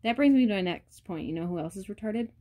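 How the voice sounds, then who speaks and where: A woman's voice: mid-range voice, lively intonation, fast talker, mellow. A woman vlogger ranting bluntly and profanely, talking straight to her viewers. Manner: addresses viewers directly. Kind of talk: casual rant to camera.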